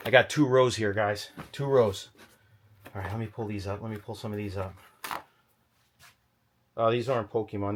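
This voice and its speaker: A man vlogging from a storage locker, rambling and thinking aloud in an excited stop-start way, a little out of breath. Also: fairly low pitch, moderate pace, long pauses, a little hiss or hum. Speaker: storage unit reseller. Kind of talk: excited unboxing vlog.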